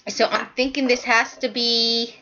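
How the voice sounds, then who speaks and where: Chatty woman with a high voice. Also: little pitch movement, unhurried, pushed and bright, dull audio, a little hiss or hum. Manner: chatty and rambling, with frequent self-corrections. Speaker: knitting podcast host. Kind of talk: casual chat showing knitting to camera.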